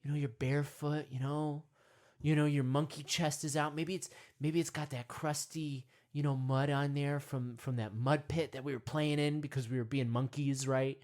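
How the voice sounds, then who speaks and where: A man leading a parody guided meditation, rambling with constant "you know" and "right?", sometimes dropping to hushed whispers. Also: on the high side, steady tone, moderate pace. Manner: drops to hushed whispers at times.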